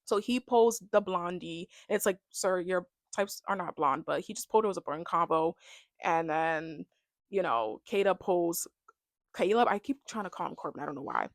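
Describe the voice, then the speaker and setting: A young woman who vlogs reality TV reactions gives a casual, rambling recap of a show, chatty and packed with "like" and "you know." Her voice is fairly low, animated and moderately paced. The studio sound is clean, with no room sound.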